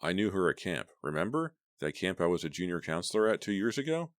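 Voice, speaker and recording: A man's voice: low-pitched, big pitch swings, quick pace, dry recording, studio quality. A man voicing a friendly, bashful teenage boyfriend in a storybook reading, easygoing and evasive.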